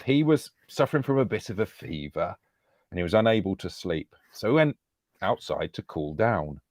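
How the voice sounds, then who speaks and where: Low-voiced man spinning a yarn. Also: darkish tone, dry recording, lo-fi sound. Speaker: podcast co-host. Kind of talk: storytelling on a live podcast stream.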